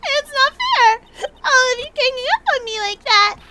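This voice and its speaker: A woman putting on a shrill bratty witness. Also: lively intonation, unhurried, pushed and bright, a little hiss or hum, exaggerated voice. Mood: furious whiny. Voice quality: shrill, whiny.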